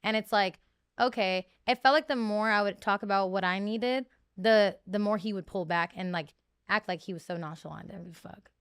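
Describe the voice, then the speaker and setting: A young woman in her twenties telling stories as a podcast guest, animated and profane, jumping up in pitch and volume when she acts out quotes. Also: moderate pace, clean tone, no room sound, studio quality. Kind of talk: candid storytelling interview.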